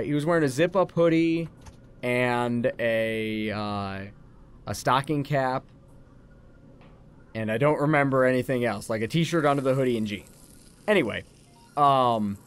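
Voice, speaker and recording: A man's voice: mid-range voice, clean tone. A man co-hosting a gaming show, casually telling a rambling anecdote to his co-host. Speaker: co-host of a let's play channel. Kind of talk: casual gaming chat, storytelling.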